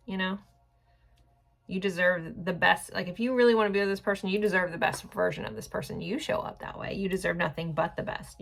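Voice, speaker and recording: A woman's voice: fairly low pitch, vocal fry, a bit bright. A woman in her forties giving a casual pick-a-card tarot reading, rambling and chatty with lots of filler words. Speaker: tarot reader.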